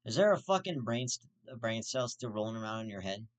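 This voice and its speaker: A man hosting his own vlog, ranting with constant swearing and sudden outraged jumps in pitch. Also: animated, a little fast. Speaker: host. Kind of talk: profane vlog rant.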